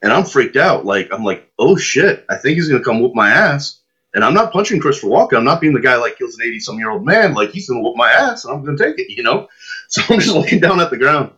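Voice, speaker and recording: Husky, animated male storyteller. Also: medium pitch, fast talker. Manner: animated storyteller, acts out his own lines. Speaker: podcast guest. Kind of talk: casual anecdote telling. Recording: muffled lo-fi podcast audio.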